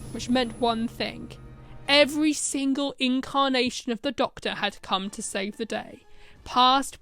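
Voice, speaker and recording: A woman narrating a fan short story in a brisk storytelling manner. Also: a little high, a bit bright.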